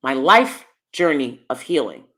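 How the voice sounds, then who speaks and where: Bright and pushed, the voice of this middle-aged woman swings widely in pitch while keeping a measured pace. As host of her own YouTube commentary channel, she lectures bluntly to the camera in a casual monologue, mixing hushed asides with forceful bursts.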